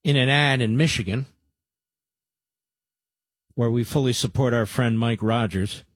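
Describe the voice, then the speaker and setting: Male talk radio host, husky voice, dry studio sound, combative, sarcastic, rambling. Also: medium pitch, a little slow, no echo. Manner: sarcastic, combative, rambling asides to his producer.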